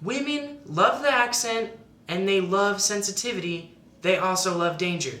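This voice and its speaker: A woman's voice: medium pitch, moderate pace, fairly bright tone, echoey room. A woman narrating satirical mock dating advice in a sarcastic, mock-authoritative tone.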